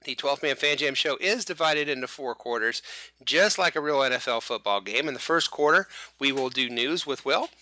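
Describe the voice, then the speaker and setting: A man's voice: mid-range voice, animated, normal speed, sharp tone, no echo. A man hosting a casual fan podcast, talking in a rambling, jokey way and often restarting his sentences. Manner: rambling, jokey, self-correcting. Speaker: host.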